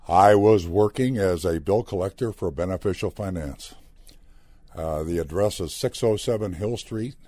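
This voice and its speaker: A man's voice: sits low, normal speed, warm tone, no room sound. An older man, a former player, telling anecdotes in an interview and acting out the dialogue. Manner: chatty anecdotal storyteller who acts out quoted dialogue. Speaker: former player, broadcaster guest. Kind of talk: storytelling interview.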